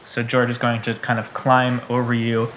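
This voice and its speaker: A man narrating a tabletop game as game master, in measured, descriptive narration. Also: mid-range voice, monotone, fairly bright tone, slight background noise, low-quality recording.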